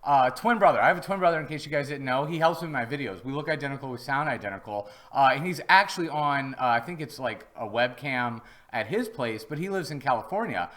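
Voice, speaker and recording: A man's voice: medium pitch, expressive, fast talker, hardly any pauses, a bit bright. A man hosting a casual live-stream product review from home, chatty and rambling, with easy jokes. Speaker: host.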